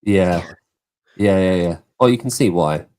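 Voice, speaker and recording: Chatty English man, low voice. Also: unhurried, a little mellow. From southeast England. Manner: chatty, laughs easily, swears casually. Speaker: podcast host. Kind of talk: casual chat.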